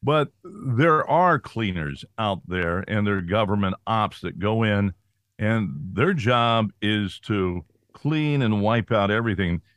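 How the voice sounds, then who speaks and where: A man's voice: fairly low pitch, expressive, slow pace, fairly bright tone, clean tone, dry recording. A man co-hosting a political talk show, chatting in a conversational, digressive way. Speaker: co-host.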